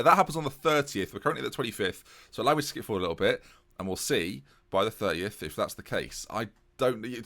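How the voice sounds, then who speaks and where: A young man giving casual, animated, self-mocking commentary while playing a football management game. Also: medium pitch. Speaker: gaming YouTuber.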